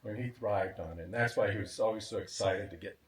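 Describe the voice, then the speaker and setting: A man giving a warm, reflective memorial speech, chuckling now and then. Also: fairly low pitch, quick pace. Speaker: memorial speaker. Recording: echoey sound from a distant mic.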